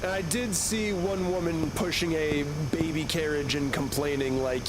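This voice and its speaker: A man's voice: a little high, normal speed, background noise. A young man streaming a game, rambling and joking with casual swearing. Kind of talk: casual gaming commentary.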